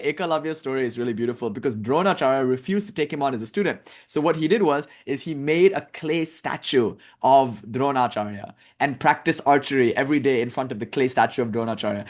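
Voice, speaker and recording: A man giving a casual, conversational talk as a spiritual teacher, telling stories with lively asides and filler words. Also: mid-range voice. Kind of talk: casual lecture.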